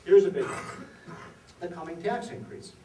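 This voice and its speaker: Animated male economist in an echoey hall. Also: a little high, normal speed, distant mic, noisy background. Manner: animated storyteller, rhetorical questions to the audience. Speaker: economist giving a dinner speech. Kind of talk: after-dinner policy speech with jokes. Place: event hall at a reception.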